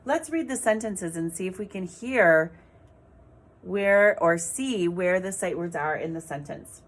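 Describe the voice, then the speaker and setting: A woman teaches a reading lesson to small children, her voice low and her delivery very slow. She reads in a clear, sing-song way and spells words out letter by letter, like a patient classroom teacher. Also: animated.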